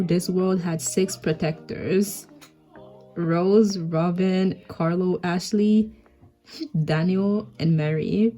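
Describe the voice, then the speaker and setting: A chipper winged guardian spirit girl from a homemade comic, read out by a woman. She speaks in a lightly raised, unhurried voice. Her mellow tone sits over faint background music. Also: lowish voice, rough recording.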